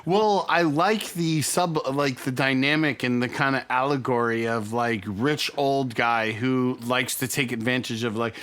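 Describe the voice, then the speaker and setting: Male co-host, average pitch, casual talkative film chat. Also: unhurried, hardly any pauses, a bit bright. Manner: chatty, leans on "like" and "you know". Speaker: podcast co-host. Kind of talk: casual movie discussion.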